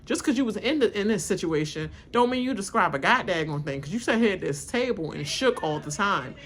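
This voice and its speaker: A reality TV reaction streamer, a woman with a husky, medium-pitched voice, hosts a live watch-along of a reality show. She talks briskly and expressively, laughing a lot and mimicking the cast in over-the-top voices as she rants with blunt commentary.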